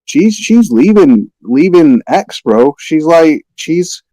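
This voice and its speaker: A man with a Manchester accent on a gaming podcast panel, talking in a relaxed, slangy, rambling way. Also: a little high, slow, no room sound, low-quality recording. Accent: Manchester English. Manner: laid-back, slangy, rambling. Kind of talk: casual panel chat.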